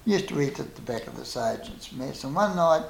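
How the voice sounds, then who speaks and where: Here the older New Zealand veteran's voice is gravelly and medium-pitched, expressive and moderately paced as he narrates wartime episodes and performs both speakers in each conversation. The oral-history recording has a roomy echo and slight background noise.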